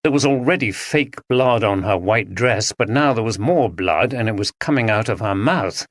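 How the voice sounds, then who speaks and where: Man, audiobook narration, lively varied pitch, dry close sound. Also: normal speed, few pauses, dry recording. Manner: expressive storytelling. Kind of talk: scripted narration.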